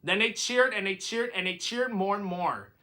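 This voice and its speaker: A man's voice: high voice, normal speed, sharp tone. A man reading a rhyming picture book aloud with a sing-song delivery. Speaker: reader.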